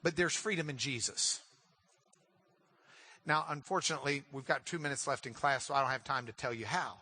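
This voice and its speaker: A man teaching a Bible class, emphatic and animated, often repeating words when excited. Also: mid-range voice, brisk, no room sound.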